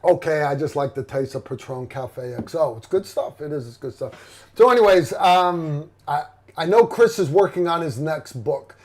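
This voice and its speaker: A man's voice: on the high side, expressive, moderate pace, darkish tone. A middle-aged man hosting a livestream in casual chat, rambling and blunt with lots of fillers and restarts. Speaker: livestream host.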